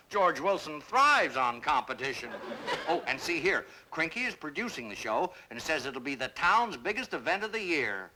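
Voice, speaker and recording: A man's voice: on the high side, very animated, normal speed, background noise. An actor voicing a fussy, grumpy older male neighbor in a cartoon, blustery and exasperated. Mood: pompous. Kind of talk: cartoon voice acting.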